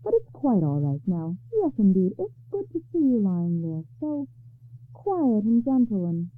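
A woman's voice: medium pitch, big pitch swings, a little slow, faint music behind. A woman voicing Death as a fussy, gloating male figure in a radio storybook, chatty and theatrical. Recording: narrow phone-like radio sound.

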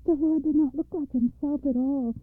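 A woman telling a fairy tale as a radio storyteller, reading in a measured, expressive way. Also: high-pitched, dry recording. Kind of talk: scripted fairy-tale narration. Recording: dry, tinny phone-like radio sound.

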